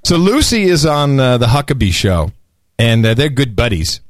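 A man hosting a podcast in casual chat, animated and mocking, often slipping into sarcastic voices. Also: mid-range voice, moderate pace, no room sound, studio quality. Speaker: podcast host.

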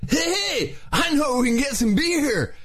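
A man's voice: very high-pitched, big pitch swings, slow, fairly bright tone, voice pushed up, exaggerated voice. A man voicing a laid-back young male surfer dude in a comic public service announcement, slangy and drawling. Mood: taunting. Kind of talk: comic PSA reading.

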